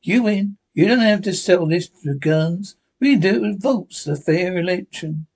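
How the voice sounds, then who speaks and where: A man voicing a scheming, blustering male political boss with a husky voice. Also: high voice, moderate pace, darkish tone. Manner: blustering, threatening.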